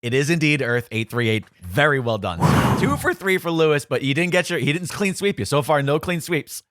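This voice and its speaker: A man's voice: fairly high pitch, animated, fairly quick, fairly bright tone, no room sound, clean studio sound. A man hosting a casual podcast quiz, reading out questions and teasing the contestant playfully. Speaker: quiz host.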